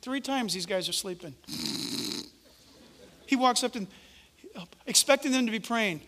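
A male preacher giving an animated, conversational sermon and acting out the quotes he tells. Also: very high-pitched, unhurried, slight background noise. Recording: echoey hall reverb.

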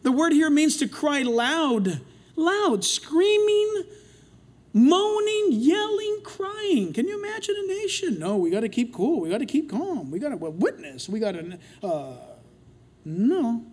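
An older man preaching a sermon in an animated way, acting out the voices in the stories he retells. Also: very high-pitched, unhurried. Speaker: pastor.

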